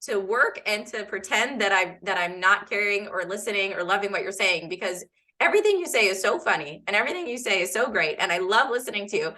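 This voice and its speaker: A woman in her thirties hosting a casual conversation, an animated storyteller who laughs and acts out dialogue. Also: mid-range voice, fast. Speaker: host.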